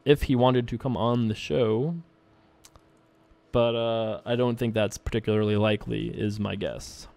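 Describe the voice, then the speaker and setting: A man casually commenting on his own online poker play as host, rambling and relaxed with frequent filler words. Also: mid-range voice, no echo. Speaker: poker player and show host.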